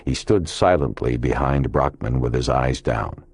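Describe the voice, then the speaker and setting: A man with a very deep, low voice reads a crime audiobook in measured, scripted narration. The recording is dry and close, with no room sound. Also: animated, vocal fry, darkish tone, husky, dry recording.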